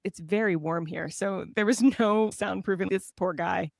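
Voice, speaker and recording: A woman from Southern California, a guest on a podcast, telling lively self-deprecating stories and laughing often. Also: medium pitch, moderate pace, gravelly, no echo, studio quality. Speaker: guest author. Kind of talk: casual conversational storytelling.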